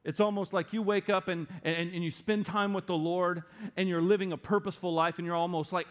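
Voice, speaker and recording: A middle-aged man preaching a sermon as pastor, animated and playful, slipping into quick put-on voices. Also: high voice.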